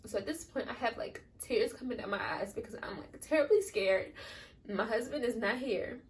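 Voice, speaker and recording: A young woman with a fairly high voice, a new mother who vlogs, tells a personal story at a moderate pace. She's chatty and meandering, relying a lot on "like," and the recording is distant.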